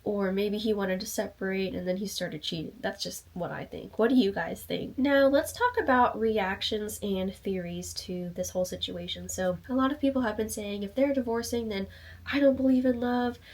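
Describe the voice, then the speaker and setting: A woman's voice: mid-range voice, moderate pace, few pauses. A woman hosting a casual commentary video, reading out comments and reacting to them. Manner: chatty, reads comments aloud and reacts. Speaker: commentary channel host.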